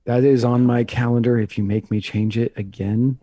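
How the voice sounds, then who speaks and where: A man co-hosting a podcast in casual chat, reading out promo plugs in a deadpan, drawn-out way. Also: medium pitch, no echo. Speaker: podcast co-host.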